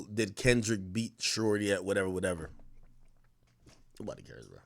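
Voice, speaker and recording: A man's voice: on the low side, big pitch swings, normal speed, vocal fry, no room sound. A man in his thirties hosting a livestream, ranting to his chat in a profane, mocking way and laughing often. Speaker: livestream host. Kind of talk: casual rant to a live chat.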